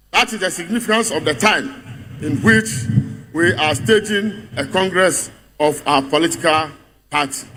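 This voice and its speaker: A man's voice: sits high, pushed and bright. A man with a Ghanaian accent delivering a mocking political speech to a party congress, building up rhetorical refrains. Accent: Ghanaian English.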